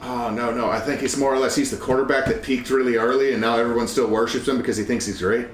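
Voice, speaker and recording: A man's voice: medium pitch, steady tone, crowd noise. Joking man at a roomy game table. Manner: joking, swearing, quick back-and-forth. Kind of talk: casual chat at a game table. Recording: roomy room with faint background hum.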